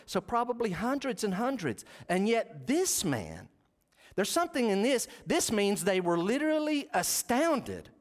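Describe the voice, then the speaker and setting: A man preaching a sermon as pastor, conversational and full of rhetorical questions to the congregation. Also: high-pitched. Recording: long reverb of a large hall.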